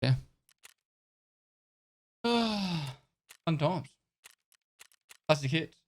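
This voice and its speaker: A man's voice: a little high, lively intonation, drawn-out words. A man chatting casually to his livestream viewers, rambling and tripping over words, laughing and swearing as he goes. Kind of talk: casual chat with chat.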